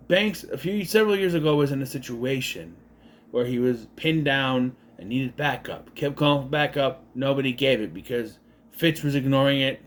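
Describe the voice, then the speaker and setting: A man casually recapping a horror movie, exasperated and sarcastic, swearing as he goes. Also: medium pitch. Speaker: movie reviewer.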